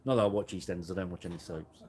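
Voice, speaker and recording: Outdoors in a garden at night, a male host runs a casual live chat, rambling, poking fun at himself and laughing often. He has a low voice, talks very fast, and there's background noise.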